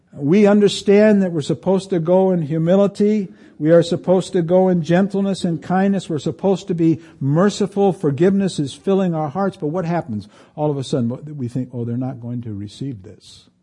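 Pastor, middle-aged man, fairly high and mellow voice, conversational sermon with scripture reading. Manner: conversational preaching, reads scripture aloud, rises in pitch for emphasis.

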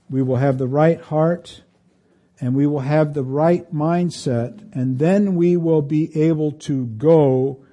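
Pastor, middle-aged man, fairly high and mellow voice, conversational sermon with scripture reading. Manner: conversational preaching, reads scripture aloud, rises in pitch for emphasis.

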